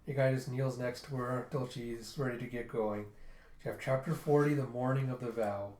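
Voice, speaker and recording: A man talks through a story in an easy, offhand recap, pitched right in the middle for a man's voice. He keeps it loose and conversational with the odd "kind of" and "um", and the sound bounces around a roomy space. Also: fairly even intonation, moderate pace, a little mellow. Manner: loose, chatty retelling with fillers. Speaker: manga reader and reviewer. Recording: roomy echo.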